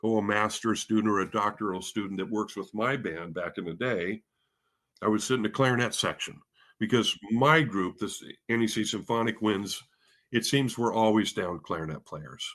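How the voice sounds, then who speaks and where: A Spokane, Washington man who heads the bands at a music school speaks as a guest in a casual interview, his voice lowish, fairly bright, and moderately paced. He rambles through his story with self-deprecation, plenty of fillers, and frequent restarts.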